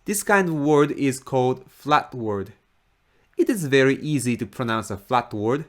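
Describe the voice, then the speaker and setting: A man with a Japanese accent teaches a language lesson at an unhurried, measured pace. His pitch sits in the middle of the usual male range. He says example words twice, slowly and clearly, for learners. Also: animated, a bit bright. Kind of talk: slow, careful lesson explanation.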